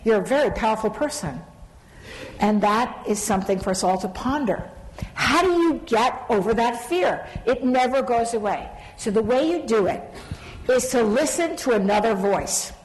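A woman's voice: a little high, lively intonation, normal speed. A middle-aged woman speaking on a stage panel about leadership, telling stories animatedly and laughing often. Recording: long reverb of a large hall.

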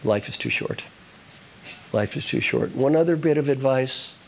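A man giving a live motivational talk to an audience, animated and repetitive, giving direct instructions. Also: medium pitch, normal speed, creaky, slight background noise. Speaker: motivational speaker.

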